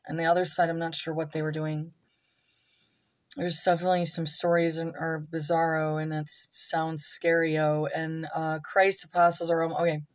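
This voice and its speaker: A woman vlogging from home, reading a column aloud and breaking into rambling asides and comments to her pets. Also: on the low side. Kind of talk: casual reading with off-the-cuff commentary.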